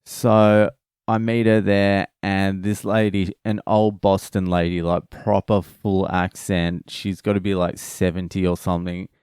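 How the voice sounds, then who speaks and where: Slow, low-voiced man swearing through a story. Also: level tone, darkish tone, clear, resonant tone, no room sound, clean studio sound. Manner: swears freely, retells conversations. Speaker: vlogger. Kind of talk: casual storytelling vlog.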